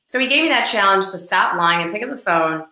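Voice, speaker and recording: A woman's voice: mid-range voice, fast talker. A middle-aged woman, a real estate agent, animatedly telling a story in an interview and acting out the people in it. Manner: animated, acts out the people in her anecdotes. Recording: roomy echo.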